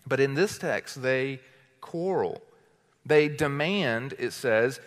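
A man preaching as a teaching pastor, firing rhetorical questions at the congregation and swinging between loud declarations and quiet asides. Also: on the high side, animated, slow pace. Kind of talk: sermon. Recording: long hall reverb.

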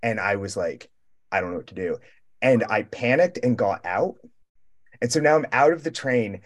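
A man's voice: fairly low pitch, lively intonation, moderate pace. A young man telling a long travel story in casual roundtable talk, rambling and profane, acting out the people he met in quoted lines. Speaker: roundtable guest.

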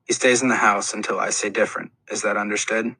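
A man's voice: lowish voice, little pitch movement, fast, sharp tone, husky, full character voice, rough recording. A man voicing a strict, protective mother who speaks firmly in an audiobook. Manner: firm, commanding.

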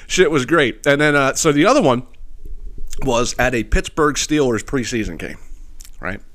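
A man's voice: medium pitch, animated, moderate pace, a bit bright. A man hosting a podcast, telling stories in a casual, profane rant with lots of filler phrases and laughter at his own jokes. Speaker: podcast host. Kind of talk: casual ranting storytelling.

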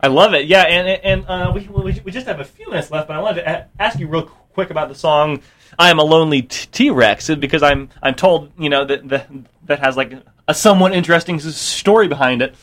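A man hosting a radio interview, friendly and a little halting, with many restarts. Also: fairly high pitch, a bit bright. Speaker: radio host.

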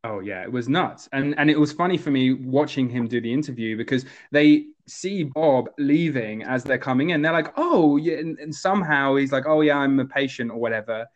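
A man co-hosting a casual movie discussion, talking in a relaxed, rambling way. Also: mid-range voice, brisk, hardly any pauses, dull audio. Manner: relaxed, rambling with fillers and restarts. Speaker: podcast co-host.

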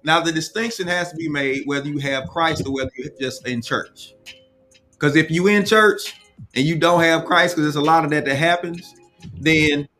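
A man's voice: on the high side, sharp tone. A man hosting a casual live chat, reading viewer comments aloud and giving firm opinions.

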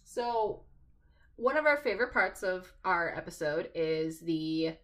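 Low-voiced woman podcast co-host. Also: animated, unhurried. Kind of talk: casual podcast chat.

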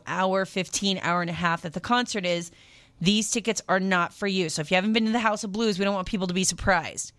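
Middle-aged woman, radio deals host, mid-pitch voice, dry close sound, upbeat, gabby. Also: a bit bright, no echo. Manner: chatty, upbeat, tangents with laughs. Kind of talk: casual radio deal segment. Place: radio studio.

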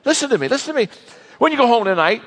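A man voicing a calm male coworker who coaxes a friend to relax. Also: extremely high pitch, rapid-fire, voice pushed up, exaggerated voice, poor audio. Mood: coaxing. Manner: coaxing, placating.

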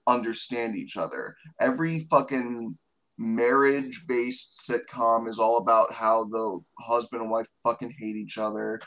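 A man co-hosting a casual podcast, talking in an animated way, swearing freely and laughing often. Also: medium pitch, a little slow, highs cut off. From United States. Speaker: podcast co-host.

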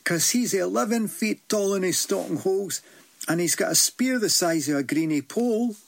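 A man's voice: sits high, moderate pace, gravelly, voice pushed up. A Scottish man voicing a doubtful, dismissive king in a folk tale.

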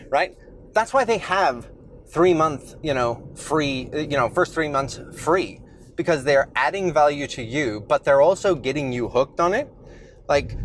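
A man's voice: medium pitch, slight background noise. A man hosting his own podcast in a loose, conversational way, slightly out of breath after the gym, with lots of fillers and restarts. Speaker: podcast host. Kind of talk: casual solo podcast talk.

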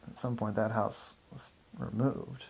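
Male storyteller, gravelly and husky, loose improvised narration. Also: lowish voice, steady tone, a little slow, darkish tone. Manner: loose, hesitant, self-correcting.

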